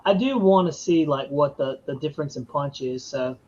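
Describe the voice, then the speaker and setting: Male podcast host, high voice, casual and laid-back, dull lo-fi stream sound. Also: darkish tone. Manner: laid-back, drawn-out "dude" and "man", reads viewer comments aloud. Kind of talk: casual live-stream chat.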